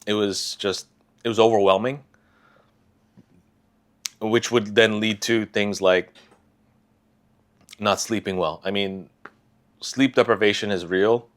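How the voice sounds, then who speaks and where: Soft-spoken man with a low voice, halting. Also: steady tone. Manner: soft, halting, with sighs and restarts. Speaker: vlogger sharing a personal story. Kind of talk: confessional personal talk.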